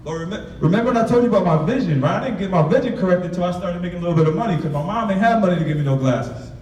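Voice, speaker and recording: A man's voice: high-pitched, expressive, racing, darkish tone. A young man telling a candid, street-styled personal story to students, acting out the voices of his past. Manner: candid, street-inflected storytelling with acted-out quotes. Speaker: author speaking to students. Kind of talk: motivational storytelling talk. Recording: echoey room from far off.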